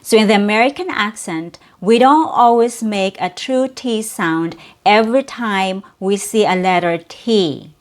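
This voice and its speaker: A woman whose first language is Cebuano, teaching an English pronunciation lesson and slowly repeating sounds and words for the learner. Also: mid-range voice. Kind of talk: slow, clear pronunciation lesson.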